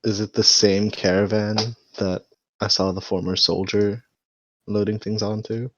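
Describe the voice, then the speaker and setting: A man speaking as a tabletop player in a laid-back, unhurried way. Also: fairly low pitch, little pitch movement, highs cut off, a little hiss or hum. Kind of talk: casual tabletop play.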